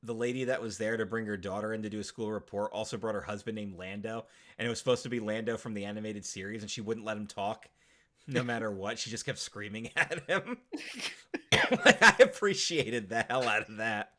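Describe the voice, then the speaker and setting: A man's voice: lowish voice, fairly quick. A man co-hosting a casual podcast, recapping a film with lots of swearing, laughter and acted-out quotes. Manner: animated, swears a lot, acts out movie quotes. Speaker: podcast co-host. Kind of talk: casual chat.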